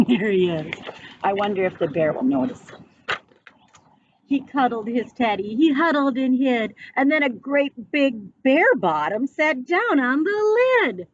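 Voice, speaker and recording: A woman teacher reading a picture book aloud to children, pausing to ask them questions. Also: a little high. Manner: slow, animated, asking children questions. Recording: dull, slightly noisy recording.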